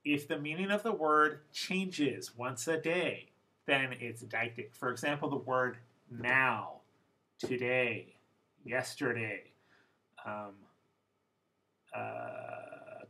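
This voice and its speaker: A man's voice: mid-range voice, slow, sharp tone, low-quality recording. A man teaching English pronunciation in a recorded lesson, explaining patiently and step by step.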